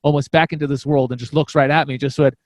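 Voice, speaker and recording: A comedian on a podcast telling a story in a casual, rambling way, full of fillers and restarts. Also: male voice, mid-range voice, steady tone, fast, no echo. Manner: acts out quoted voices.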